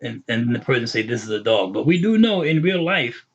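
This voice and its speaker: A man explains Arabic grammar in an online lesson, going over each term more than once. His voice is husky and mid-pitched. The recording sounds dull and lo-fi. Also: sing-song. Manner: patient, repetitive explaining with quick English glosses. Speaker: Arabic teacher.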